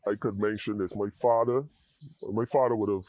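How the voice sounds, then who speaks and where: A man tells his personal story in an interview, earnest and halting, often repeating words as he searches for them. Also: lowish voice, fairly even intonation, darkish tone, no echo. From Barbados. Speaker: interview guest in addiction recovery.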